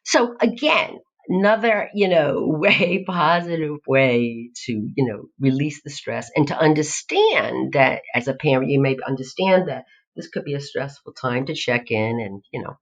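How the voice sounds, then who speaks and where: Middle-aged woman on a podcast, low voice that swoops all over, kinda dull lo-fi sound. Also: a little slow. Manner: animated storyteller, acts out quoted voices. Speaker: guest, nutrition professor. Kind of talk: podcast interview. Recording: dull lo-fi audio.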